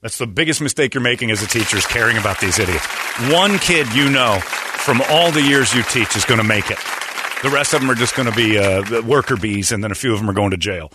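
A man's voice: mid-range voice, fast talker, a loud crowd, very noisy. A man ranting in a blunt, sarcastic way on a casual talk show, now and then acting out other people's voices. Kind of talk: casual comedic rant.

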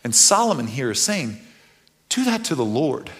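Animated bright-voiced pastor preaching. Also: male voice, medium pitch, normal speed. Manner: conversational, swings from quiet earnest to loud animated bursts. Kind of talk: sermon.

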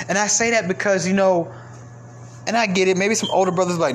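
A man delivering a heated, profane commentary rant, swinging between raised outbursts and low, exasperated muttering. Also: fairly even intonation, fairly quick, a little hiss or hum. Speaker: commentary vlogger. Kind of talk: ranting commentary monologue.

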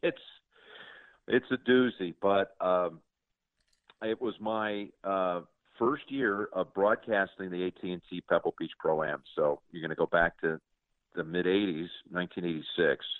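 Older guy hosting a chat, really low voice, gushing, trips over his words, sounds like a phone line. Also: unhurried, no room sound. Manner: effusive, stammers and repeats words. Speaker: host. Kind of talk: conversational interview. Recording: tinny phone-like sound, dry.

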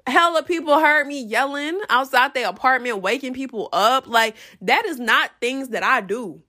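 On her podcast, a young female host shares a personal story with casual, animated profanity, jumping into loud re-enactments of what people said. She has a high-pitched voice and speaks at a normal speed.

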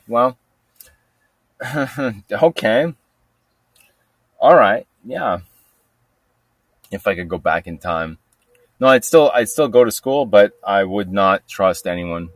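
A man's voice: low-pitched, dry recording. A man hosting a podcast alone, rambling in a casual rant full of swearing, restarts and laughs. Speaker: podcast host.

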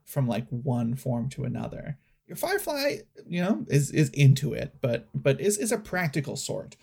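A game master narrating a tabletop game in a loose, chatty way. The voice has a gravelly edge and sits at a middle pitch. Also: very animated, normal speed, darkish tone. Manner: loose, chatty, many fillers.

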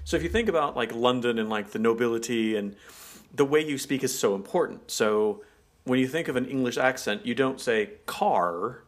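A man co-hosts a relaxed conversation. He explains things in a chatty, meandering way, leaning on fillers like "like" and "um.". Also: mid-range voice, brisk. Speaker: co-host. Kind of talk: casual chat explaining culture.

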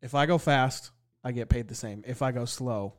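A man's voice: mid-range voice, moderate pace. A man co-hosting a podcast, chatting casually and making dry, joking remarks. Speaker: podcast co-host. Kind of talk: casual chat.

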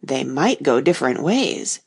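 A woman voicing Alice, a polite, curious young girl who speaks gravely and earnestly. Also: very deep voice, big pitch swings, measured pace, heavily acted.

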